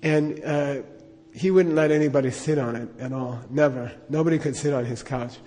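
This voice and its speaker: A man's voice: mid-range voice, normal speed, dark tone, big-room sound. A middle-aged man telling a personal anecdote in a rambling way, with lots of fillers and chuckles. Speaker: storyteller.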